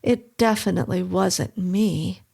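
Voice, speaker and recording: A woman's voice: measured pace, creaky, dark tone, slightly rough, full character voice. A woman voicing a young wife in a horror story, bewildered and defensive, firing off indignant questions. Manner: high, exclaiming, indignant questions.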